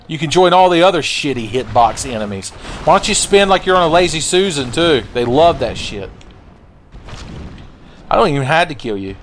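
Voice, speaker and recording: A man's voice: medium pitch, slight background noise. Sarcastic swearing gamer guy. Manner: sarcastic, profane, taunts enemies. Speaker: gaming commentator. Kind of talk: let's play commentary. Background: faint game music.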